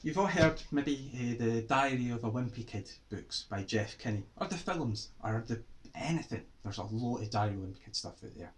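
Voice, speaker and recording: Lively Scottish man teaching kids. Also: medium pitch, normal speed. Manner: animated, exaggerated exclamations. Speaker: writer teaching children. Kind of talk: playful lesson for children.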